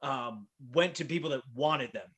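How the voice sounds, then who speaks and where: A man's voice: medium pitch, moderate pace, fairly bright tone, breathy edge. A man hosting a casual podcast, chatty and wry with lots of fillers. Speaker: podcast host.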